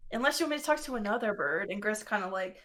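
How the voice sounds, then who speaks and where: A woman playing a tabletop role-playing game, talking in character in an animated, exasperated way and laughing often. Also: medium pitch, very fast, heavy background noise. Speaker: player.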